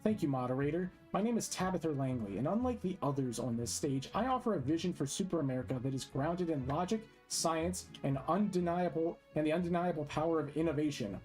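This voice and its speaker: A man voicing a precise, emotionless female scientist running for office, speaking quickly and evenly. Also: on the high side, faint music behind, close to an everyday voice. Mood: monotone. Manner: precise, monotone. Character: flat, monotone female scientist candidate, precise.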